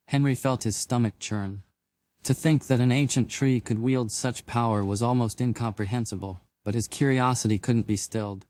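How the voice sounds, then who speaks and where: A man's voice: lowish voice, no echo. Man narrating a drama, dry close mic. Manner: even, measured storytelling. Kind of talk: scripted audio drama narration.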